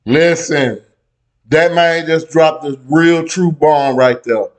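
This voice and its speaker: Animated, profane man commentating. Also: slow pace. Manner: animated and profane, swinging between loud outbursts and low asides. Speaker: reaction video host. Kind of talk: casual commentary on a debate clip.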